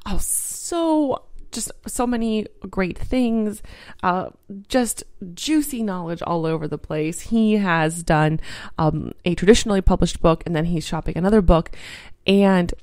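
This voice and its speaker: Bubbly low-voiced woman podcast host. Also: unhurried, a little mellow, dry recording, studio quality. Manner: bubbly and encouraging, chatty with many fillers. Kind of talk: casual motivational podcast talk.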